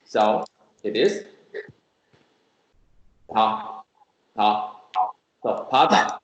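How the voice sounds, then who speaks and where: A man teaching Korean in an online class, explaining slowly and patiently and repeating example sounds. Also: lowish voice, expressive, lo-fi sound. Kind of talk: online language lesson. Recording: echoey room with faint noise.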